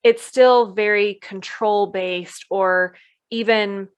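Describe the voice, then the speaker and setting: A woman's voice: mid-range voice, fairly even intonation, takes it slowly, smooth. A woman co-hosting a podcast about parenting, talking casually and acting out parents' voices now and then. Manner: chatty, slips into playful voices when quoting parents. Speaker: podcast co-host.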